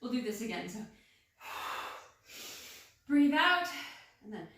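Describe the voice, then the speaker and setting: This fitness instructor, a young woman, speaks slowly in a slightly high, sing-song voice with a fairly bright tone. Breathless, she counts reps and encourages her class through the guided workout. The mic sits at a distance in a very echoey room, and a faint hiss or hum runs underneath.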